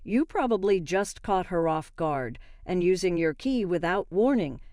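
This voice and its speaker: A woman's voice: lowish voice, expressive, unhurried, a little mellow, dry recording, clean studio sound. A woman doing a firm, dismissive mother. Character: dismissive middle-aged mother.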